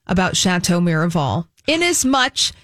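A woman co-hosting a casual talk show, briskly reading out celebrity news items and quoting her sources. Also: on the low side, sing-song, a bit bright, dry recording, studio quality. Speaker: co-host reading entertainment news.

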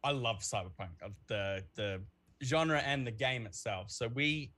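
A man's voice: mid-range voice, a little slow, fairly bright tone. Eager man stumbling into stories. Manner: enthusiastic, stammering restarts. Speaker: game master. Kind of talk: casual interview chat.

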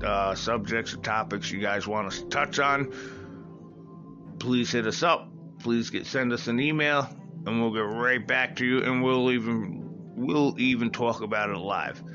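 A man's voice: lowish voice, steady tone, normal speed, echoey room, lo-fi sound, over music. A man hosting a podcast who rants in a heated, profane way. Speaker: podcast host. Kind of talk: heated casual rant.

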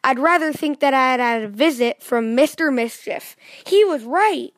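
A worn-out little storybook man, sighing and fed up, as a woman reading aloud voices him. The voice is high and bright, recorded dry and close. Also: lively intonation, moderate pace, dry recording.

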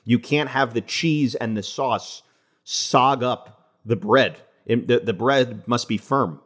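A man's voice: mid-range voice, slow, fairly bright tone. Male co-host, playful braggart in loose podcast chat. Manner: playful, boastful banter. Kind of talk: casual chat.

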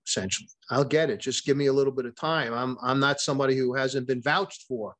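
Man, podcast guest, mid-pitched, chatty storyteller, lots of restarts and quoted lines. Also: a little fast. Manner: frequent restarts and repeated words; retells events with quoted dialogue. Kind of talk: conversational storytelling in an interview.

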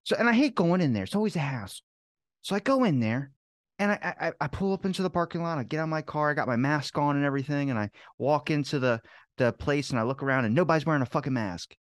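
A man guesting on a podcast, telling rambling personal anecdotes in casual chat with quick restarts and the odd curse. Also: a little high, animated, no echo, studio quality.

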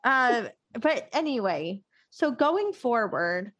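A woman's voice: fairly high pitch, big pitch swings, slow, a bit bright. A young woman hosting a casual podcast chat, rambling with lots of fillers and frequent laughter. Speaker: podcast host.

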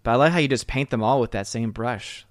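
A man's voice: mid-range voice, quick pace, no echo, studio quality. A man hosting a casual live stream, greeting viewers by name and reading chat comments. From southern United States. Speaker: livestream host.

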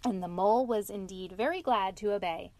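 A woman narrating a classic animal storybook in a gentle, measured reading. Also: medium pitch, no echo.

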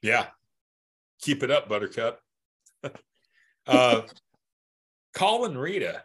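A man co-hosting a casual podcast, with a bright, forceful voice that stays at an ordinary pitch. He talks loosely and profanely, laughs often and stumbles over his restarts. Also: sing-song, slow pace. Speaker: podcast co-host. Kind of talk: casual chat.

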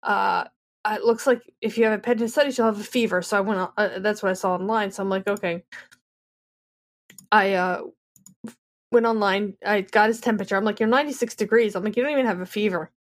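A woman in her thirties on a casual podcast, telling a story with lively back-and-forth dialogue. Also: mid-range voice, brisk. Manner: animated storyteller, acts out both sides of dialogue. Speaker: podcast co-host.

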